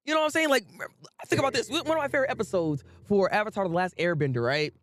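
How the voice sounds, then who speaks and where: Dude ranting about anime to his chat, high voice, laughs a lot, keeps repeating himself. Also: quick pace. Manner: animated, repetitive, laughs often, swears casually. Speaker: anime commentary host. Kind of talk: casual ranting commentary with live chat.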